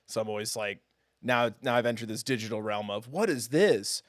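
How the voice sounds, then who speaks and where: A man's voice: fairly low pitch, little pitch movement, fast, fairly bright tone, dry recording. A man streaming a game live, chatting casually with his viewers in a self-deprecating, giggly way.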